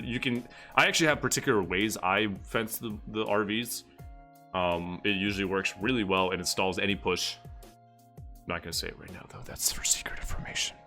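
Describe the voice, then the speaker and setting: A man with a lowish but bright, slightly tense voice talks through a match replay on stream. His delivery is loose, rambling and full of casual swearing. Soft music plays behind him. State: getting out of breath. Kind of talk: live stream commentary.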